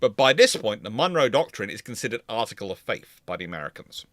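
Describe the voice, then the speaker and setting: A man's voice: on the low side, big pitch swings, quick pace, fairly bright tone, dry recording, clean studio sound. Rambling male history presenter. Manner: rambling, self-correcting, chuckling. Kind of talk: casual lecture.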